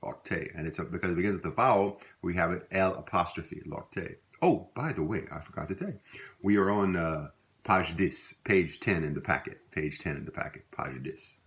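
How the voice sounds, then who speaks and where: Deep-voiced Louisiana man teaching casually. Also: moderate pace. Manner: relaxed, rambling, with many fillers and self-corrections. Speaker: language teacher. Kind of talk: casual spoken lesson.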